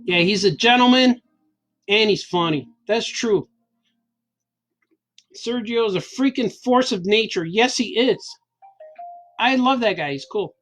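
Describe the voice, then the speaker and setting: A man's voice: sits high, a little slow, long pauses, a bit bright, soft background music, rough recording. Chatty cartoonist man telling a story. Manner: enthusiastic, rambling, laughs often. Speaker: cartoonist host. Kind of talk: casual storytelling while drawing. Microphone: camera mic.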